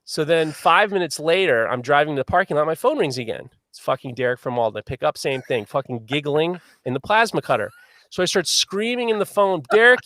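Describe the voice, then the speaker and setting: A man hosting a live podcast, telling a long story in a lively, swearing manner. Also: medium pitch, no room sound, clean studio sound. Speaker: podcast host.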